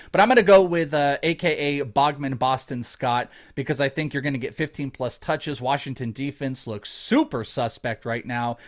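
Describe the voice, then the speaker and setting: Enthusiastic rambling podcast man. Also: mid-range voice. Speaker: podcast host. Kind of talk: casual podcast chat.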